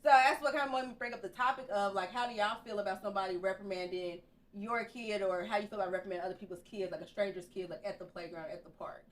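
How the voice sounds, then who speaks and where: A woman's voice: mid-range voice, fast talker. A young adult woman hosting a podcast, telling a story in casual chat and acting out what people said. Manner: lively storyteller who acts out what people said. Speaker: podcast host.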